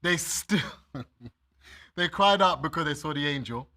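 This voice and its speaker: A man's voice: on the high side, expressive, takes it slowly, sharp tone. A man preaching a sermon. He reads scripture aloud, explains it, and speaks straight to his listeners with everyday examples. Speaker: minister.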